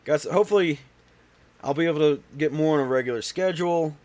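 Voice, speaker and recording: Hosting a casual livestream from home, a man speaks fast in a slightly high, somewhat mellow voice. He's stuffy and out of breath, and his tired, rambling talk is full of fillers and restarts.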